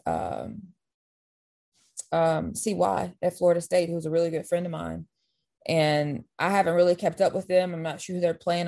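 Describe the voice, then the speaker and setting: A woman basketball coach, interviewed as a guest, telling faith-filled stories in an animated way with quick restarts. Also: on the low side, vocal fry. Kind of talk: storytelling in an interview.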